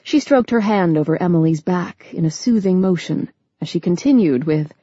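Mellow, breathy woman narrating a novel. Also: on the low side, lively intonation, moderate pace, no echo, muffled recording. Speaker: audiobook narrator.

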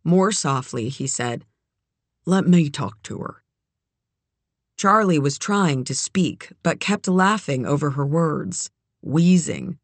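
A woman narrating a novel in a measured, even storytelling manner. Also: low voice, dry recording. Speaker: audiobook narrator. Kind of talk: scripted narration.

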